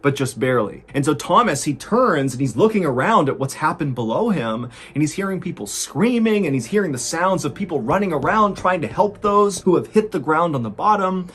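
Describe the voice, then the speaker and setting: Speaking briskly with few pauses, this man narrates a true story in a gripping, suspenseful style. His voice climbs in pitch whenever the tension peaks.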